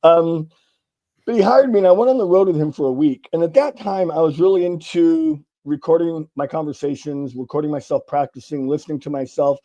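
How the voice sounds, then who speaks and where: A middle-aged man from California, a sales author and guest, telling lively stories in a casual interview and acting out the dialogue. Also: a little high, brisk, muffled recording. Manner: animated storyteller acting out dialogue, casual swearing. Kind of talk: conversational interview storytelling.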